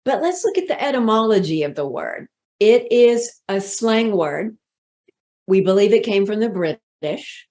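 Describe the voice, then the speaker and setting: A woman leadership speaking coach giving a motivational workshop talk in a deliberate, inviting way. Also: mid-range voice, lively intonation, warm tone. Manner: slow, deliberate, inviting delivery.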